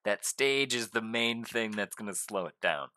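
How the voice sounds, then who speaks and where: A young man giving casual gameplay commentary, gushing excitedly and talking straight to his viewers. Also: on the low side, normal speed. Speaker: gaming YouTuber.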